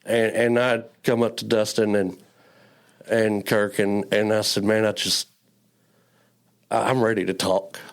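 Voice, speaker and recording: Earnest man, halting and low. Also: little pitch movement, gravelly. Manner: halting, repeats words, earnest. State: emotional, near tears. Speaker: church member guest. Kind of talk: personal faith testimony.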